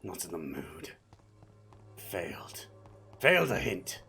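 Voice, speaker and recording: Gravelly streamer guy yelling at game enemies, swings his voice all over, faint music behind. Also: deep voice, slow. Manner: animated, swears and yells lines at game enemies. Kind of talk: live game streaming commentary.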